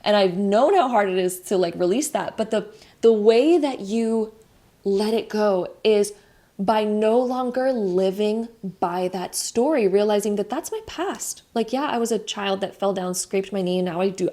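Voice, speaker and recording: Chatty young woman, mellow voice, tarot reading. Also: medium pitch. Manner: chatty, laughs at herself, over-explains with many likes. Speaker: tarot reader. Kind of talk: casual spiritual card reading.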